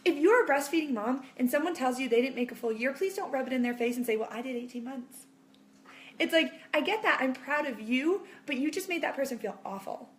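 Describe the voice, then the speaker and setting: Woman in her thirties, high voice, chatty, reassuring, mom vlogger talking to camera. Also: quick pace, hardly any pauses. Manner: chatty and reassuring, acts out quotes in big animated voices. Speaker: mom vlogger answering viewer questions. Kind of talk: casual chat to camera.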